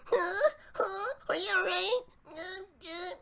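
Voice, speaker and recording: A man mocking a frantic male wrestler who fusses over his coach in a shrill, panicky voice. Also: takes it slowly, gravelly, bright, forceful tone, full character voice.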